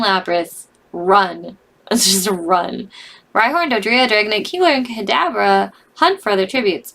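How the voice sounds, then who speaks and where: A woman's voice: medium pitch, gravelly, fairly bright tone. A young woman reading out a game's results and reacting to them with cries and laughter in casual commentary. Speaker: gaming video host.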